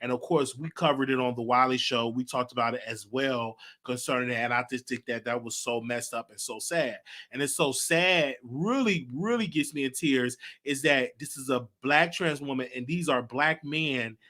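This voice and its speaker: A man's voice: mid-range voice, moderate pace, hardly any pauses, sharp tone. A young man with a Southern US accent hosting his own show, talking earnestly and from the heart, often repeating his phrases. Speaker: show host. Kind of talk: solo commentary vlog.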